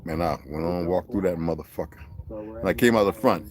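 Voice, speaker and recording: A man's voice: sits low, steady tone, fairly quick. A man hosting a livestream, ranting in a profane, preachy, confrontational way and greeting viewers by name. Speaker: livestream host. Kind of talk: livestream rant.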